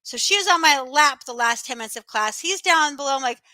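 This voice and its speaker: A woman in her thirties, an online teacher chatting casually to viewers from her home office over a webcam, animated and quick to laugh. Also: high-pitched, no echo.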